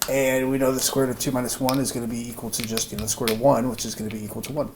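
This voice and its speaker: A math teacher gives an informal lesson, thinking aloud with many fillers and restarts. His voice is medium-pitched and fairly flat, and he talks very fast in a noisy room.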